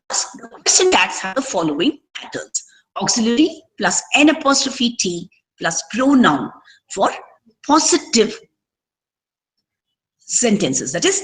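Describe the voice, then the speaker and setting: A woman giving an English grammar lesson, reading examples slowly and explaining some points in Kannada. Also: mid-range voice, a bit bright, low-quality recording. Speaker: English teacher. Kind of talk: classroom lecture.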